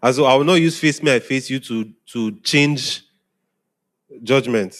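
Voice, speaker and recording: A male pastor with a medium-pitched, unhurried voice preaches a sermon to a young congregation. His style is conversational, and he keeps checking that they follow, often asking "are we together?"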